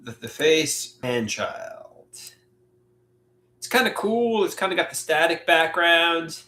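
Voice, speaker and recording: A man hosting a live solo stream, talking in a halting, reflective way with many filler words. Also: fairly high pitch, sing-song, sharp tone. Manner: halting, reflective, frequent "you know" fillers. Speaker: livestream host. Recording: echoey room.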